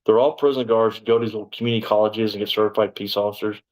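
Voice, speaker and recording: A lowish-voiced man, telling his story in an interview. He talks bluntly and swears freely, breaking into loud outbursts when he quotes himself. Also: steady tone, very fast, low-quality recording. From Texas, USA. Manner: blunt and profane, bursts out when quoting himself. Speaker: interview guest. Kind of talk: storytelling in conversation.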